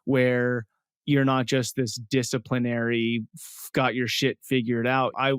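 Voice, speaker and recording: A man hosting a podcast, reflecting back on his guest's story in a thoughtful, measured way. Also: medium pitch, little pitch movement, clean tone, dry recording, studio quality. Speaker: podcast host. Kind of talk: reflective interview talk.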